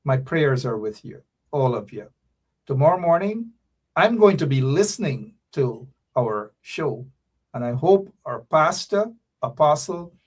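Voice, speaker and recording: A man hosting a live stream, talking straight to viewers in a preachy, repetitive way as he signs off. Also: medium pitch. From Guyana. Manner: preachy, repeats phrases, addresses viewers directly. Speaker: show host. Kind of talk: casual live-stream sign-off.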